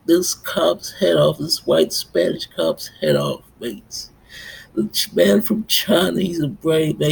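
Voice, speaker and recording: Slow, gravelly man rambling to his mates. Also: a little high, darkish tone. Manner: ends nearly every phrase with "mates"; halting, repetitive delivery. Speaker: self-styled pastor vlogger. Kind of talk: rambling monologue to camera.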